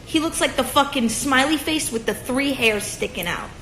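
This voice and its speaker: A woman in her twenties with a high voice rants casually and profanely at normal speed on a phone livestream from her room at home, throwing in sarcastic sung asides. She holds the phone at arm's length, and the echoey room comes through with a noisy background.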